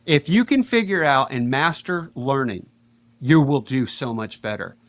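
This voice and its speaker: A man talking energetically as a podcast guest, fast and animated, with big swings in his voice. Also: mid-range voice. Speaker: podcast guest, payments educator. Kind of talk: energetic conversational interview.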